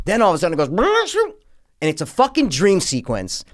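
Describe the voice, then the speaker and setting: A man with a slightly higher voice co-hosts a casual movie-review podcast. He talks in an animated, profane way and acts out scenes with big reactions. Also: brisk. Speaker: podcast co-host.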